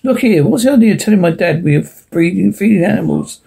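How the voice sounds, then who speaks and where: Brief: a jumpy, defensive young boy, put on by a male narrator, voice pitched way up and husky. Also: expressive, fast talker, warm tone, exaggerated voice. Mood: anxious.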